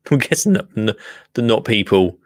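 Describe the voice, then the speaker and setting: A man hosting a casual livestream, chatting and joking as he reacts to a gardening show. He often restarts his sentences and coos at his plants in a high, sing-song voice. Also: sing-song, unhurried, no echo. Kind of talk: casual chat.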